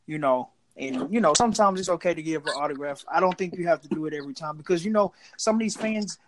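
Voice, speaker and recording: Measured man talking sports. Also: a little high, a little hiss or hum, poor audio. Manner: measured, weighs both sides with "you know". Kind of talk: casual sports chat.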